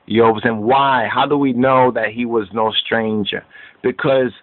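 A man's voice: medium pitch, steady tone, moderate pace. A man teaching a Bible study sermon in a preachy way, going over verses again and again and often asking whether listeners understand. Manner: preachy, repetitive, keeps asking "you understand?". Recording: tinny phone-like line.

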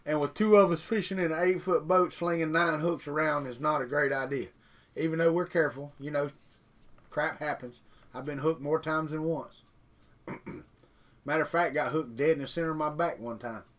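Man, middle-aged, folksy, rambling, casual live chat, slightly raised pitch. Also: moderate pace. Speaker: 3D printing vlogger reading chat.

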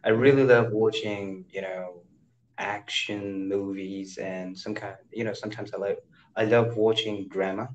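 A man's voice: on the low side, a little slow, low-quality recording. A young man from India with an Indian English accent, chatting eagerly on a video call as an English learner, often restarting his sentences. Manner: animated, eager, frequent restarts. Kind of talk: casual video-call conversation. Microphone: computer mic on a video call.

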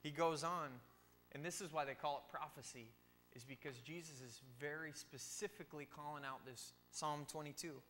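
A man's voice: a little high, steady tone, moderate pace, pushed and bright. A man giving a casual youth sermon in a church, speaking informally with joking asides. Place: church sanctuary. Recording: long church reverb with faint hum.

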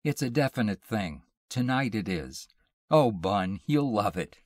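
A man reading aloud and voicing a playful, mischievous young wife, lifting his deep voice for her coaxing lines. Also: big pitch swings, a little slow, no echo, clean studio sound.

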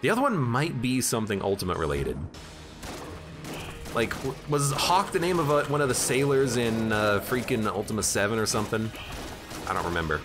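A man streaming a video game and joking with his chat, his voice leaping up and down constantly at a middling pitch. Game music plays clearly behind him. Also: a little fast. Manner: animated, jokey, chatting with viewers. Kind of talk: casual gameplay commentary.

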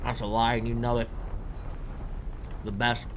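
A man's voice: mid-range voice, little pitch movement, a little slow, slight background noise. A man streaming a battle royale game, chatting casually with his teammate and thanking viewers for subs. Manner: laid-back, swears freely, thanks chat for subs. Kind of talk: casual gameplay chat.

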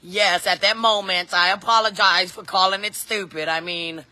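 A woman's voice: medium pitch, fairly even intonation, moderate pace, pushed and bright. A middle-aged woman, chatting casually to live-stream viewers and her kids outdoors on a phone. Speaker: vlogger and mom. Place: outdoors at a scenic waterfall spot.

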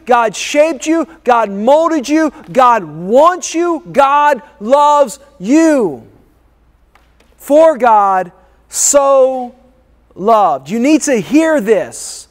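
A man preaching a sermon as a pastor, emphatic and repetitive, calling for responses from the congregation. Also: very high-pitched. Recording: long reverb of a large hall.

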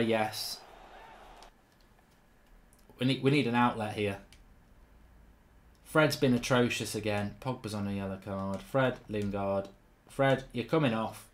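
There's slight background noise as a man commentates his gameplay live for his channel. He rants in exasperation, cursing constantly and moving between low grumbles and shouting.

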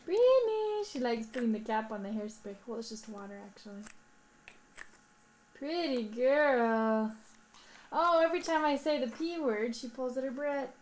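A mother films her toddler and talks to her in sing-song baby talk. Her voice sits high, and she takes her time between phrases. Her coaxing calls turn squeaky. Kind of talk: home video baby talk.

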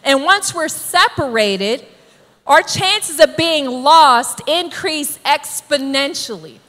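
A woman preacher delivering an emphatic, exhorting sermon that builds to shouted calls to the congregation. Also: sits high, animated, slow pace, long reverb tail.

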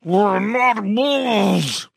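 A man's voice: high voice, lively intonation, very slow, gravelly, breathy edge, no echo, pitched above the performer's own voice, exaggerated voice. A man doing a crude, irritated rich man. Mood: pleading. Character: rich, rude man trapped in a wolf costume.

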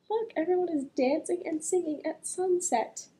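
A woman reading a picture book aloud to children as a librarian, gently asking the listener questions and drawing out the sound words. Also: very high voice, normal speed, few pauses, a little hiss or hum, poor audio.

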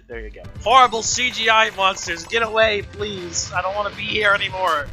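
With faint music behind them, a gaming YouTuber keeps up excitable let's play commentary at a moderate pace with few pauses, in a mid-range voice. They yelp and laugh at jump scares and toss in mock insults and silly jokes.

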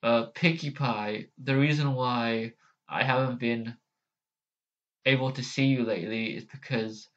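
A rock-loving pony girl, as a man puts her on, speaking in a flat, unbothered monotone. The audio is dull and lo-fi. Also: medium pitch, unhurried, lightly acted. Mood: deadpan.

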